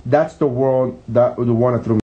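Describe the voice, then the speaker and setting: A man co-hosting a podcast, telling animated, profane stories in casual chat. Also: medium pitch, normal speed, dull audio. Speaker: podcast co-host.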